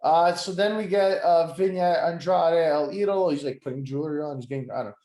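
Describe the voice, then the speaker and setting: A man's voice: fairly high pitch, fairly quick, mellow. Young male co-host recorded in an echoey room, eager fan chat that trails off and swears. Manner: enthusiastic, swears, trails off mid-sentence. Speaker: podcast co-host. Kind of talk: casual wrestling chat. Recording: roomy echo.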